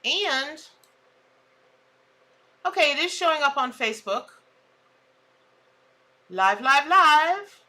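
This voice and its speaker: Chatty woman tarot reader, high and bright, exclamatory live-stream host. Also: expressive, takes it slowly, long pauses. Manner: chatty, exclamatory, laughs at her own jokes. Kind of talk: casual live-stream chat.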